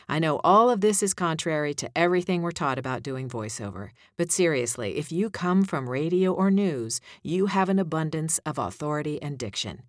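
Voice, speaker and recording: A woman's voice: low voice, no room sound, clean studio sound. A woman giving voiceover coaching tips in a conversational way, demonstrating line reads as she goes.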